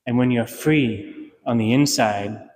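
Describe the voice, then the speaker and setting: A man's voice: mid-range voice, takes it slowly, darkish tone, a little hiss or hum. A male priest giving a homily in a conversational, plain-spoken way, telling personal stories. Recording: long hall reverb, faint ambience.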